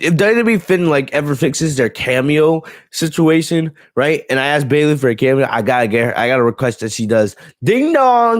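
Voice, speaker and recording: A man's voice: medium pitch, dry recording, studio quality. A man hosting a casual live stream on wrestling, blunt and profane, ranting and reading viewer comments aloud. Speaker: wrestling show host.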